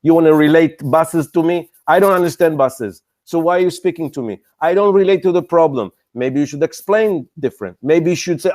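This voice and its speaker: A man's voice: a little high, fairly quick, hardly any pauses, a little mellow. An older man speaking as an investor on a panel, blunt and exasperated, often mocking founders. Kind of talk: animated panel talk.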